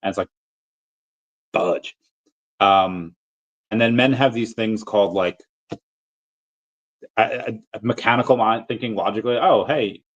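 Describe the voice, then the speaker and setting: A man hosting a casual livestream, rambling and chatting with viewers, full of fillers and restarts. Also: on the low side. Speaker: livestream host. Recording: dull lo-fi audio.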